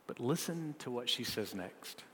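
A male preacher delivers a sermon in a mid-pitched voice, dropping to quiet, low asides and then building to loud, climbing emphasis. The sound carries a long hall reverb. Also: lively intonation, unhurried. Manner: reads a woman's written story aloud.

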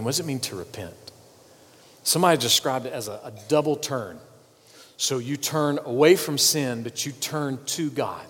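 A man preaching a sermon as a pastor, swinging from loud urging to hushed pleading and repeating words for weight. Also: mid-range voice, in a large hall.

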